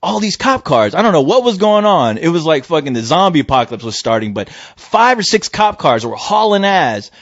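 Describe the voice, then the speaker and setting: A man on a podcast tells a story in a loose, profane way and acts out every voice in it. His pitch sits a bit high and swings widely. The recording is dry and somewhat muffled. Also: very animated, a little fast, hardly any pauses, dry recording. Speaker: podcast host. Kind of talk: casual storytelling chat. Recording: dull dry lo-fi sound.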